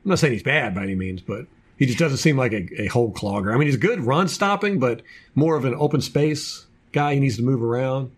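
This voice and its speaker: A man's voice: mid-range voice, animated, fairly quick, breathy edge. A man co-hosting a casual sports podcast, running through a team depth chart with jokey asides. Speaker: podcast co-host.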